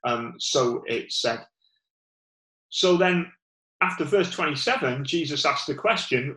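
A man's voice: fairly high pitch, lively intonation, a little slow, pauses often, bright, forceful tone, roomy sound, rough recording. Northern English man preaching, rambling. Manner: rambling, many fillers and restarts. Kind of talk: informal sermon.

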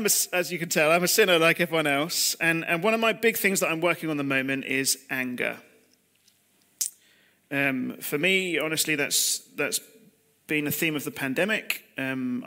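Speaking through a computer mic on a video call, this man in his thirties delivers a confessional, conversational sermon full of rhetorical questions for listeners. His voice is on the high side and sharp, at a moderate pace.

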